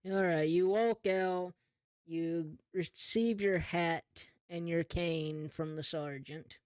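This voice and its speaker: A man narrates a tabletop role-play as game master, relaxed and often chuckling. His voice sits a little high and is recorded close and dry. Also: takes it slowly, smooth, no room sound.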